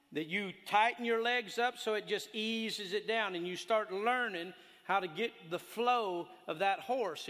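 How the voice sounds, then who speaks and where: Folksy preacher man in a reverberant hall. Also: sits high. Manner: folksy, animated, laughs along with his stories. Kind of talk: sermon.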